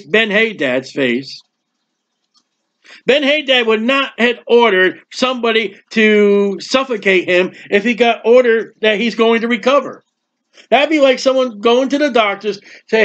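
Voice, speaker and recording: A high-pitched man preaches through a Bible chapter verse by verse, hammering points with repetition and slipping in quick conversational jokes. The recording is dull and lo-fi, with the top end muffled. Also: lively intonation, a bit bright.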